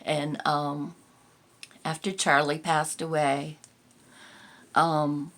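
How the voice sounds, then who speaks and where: An older woman hosting a reflective personal vlog, talking in a gentle, tender way that rambles with pauses. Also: sits low, little pitch movement. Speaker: vlog host.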